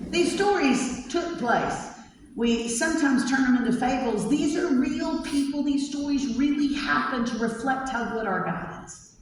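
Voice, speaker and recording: A woman's voice: medium pitch, distant mic, a little hiss or hum. Woman preacher in an echoey hall. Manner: lively, humorous, conversational. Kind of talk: storytelling sermon. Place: large conference hall.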